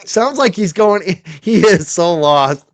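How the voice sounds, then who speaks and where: A man's voice: high voice, lively intonation, slow pace, no echo. A man hosting a stream, reacting to a clip with sarcastic, mocking commentary and frequent laughter. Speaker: stream host.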